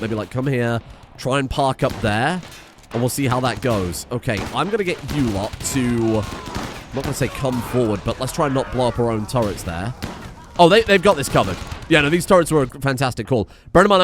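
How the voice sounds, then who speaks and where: A young man giving casual, sweary let's-play commentary while playing a strategy game, animated and self-mocking, with sudden outbursts. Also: medium pitch. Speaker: gaming YouTuber.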